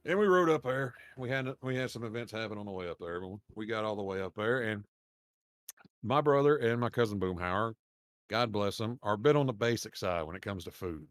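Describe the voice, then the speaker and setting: A man's voice: lowish voice, expressive, fairly quick, fairly bright tone, dry recording. Rambling man telling stories. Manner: rambling, profane, laughs while telling stories. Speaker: podcast co-host. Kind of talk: casual storytelling chat.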